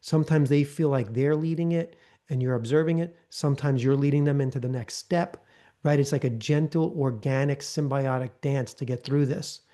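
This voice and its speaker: Guy running a live training, mellow low-key voice, keeps saying right?, softens up for the sample lines. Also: normal speed. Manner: conversational, often tags lines with "right?"; acts out gentle counselor prompts in a softer voice. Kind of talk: live online training talk.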